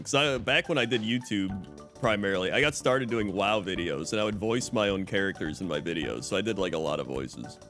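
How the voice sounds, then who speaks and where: Animated, laughing man streamer. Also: on the low side. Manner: laughs often, animated storytelling. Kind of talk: casual chat on a livestream.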